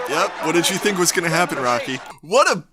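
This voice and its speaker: Excitable man reacting to a film. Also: a little high, fast talker, very noisy. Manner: excitable, exclaims and laughs often. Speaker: movie reaction host. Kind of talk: casual reaction commentary. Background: film soundtrack playing.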